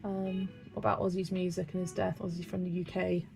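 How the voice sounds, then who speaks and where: A chatty young woman from Wiltshire with a faint West Country lilt, talking casually while she colours and laughing often. Her voice has a slightly gravelly edge, and soft music plays faintly behind her. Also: fairly low pitch, little pitch movement, fairly quick. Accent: West Country English, light. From Wiltshire, England. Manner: chatty, laughs often, reads chat aloud. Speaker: colouring channel host.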